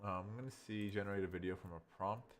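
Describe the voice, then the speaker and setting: A man with a lowish voice gives a casual software review while thinking aloud. His talk rambles and circles back as he works through the tool. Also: fast. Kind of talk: casual screen-recording review.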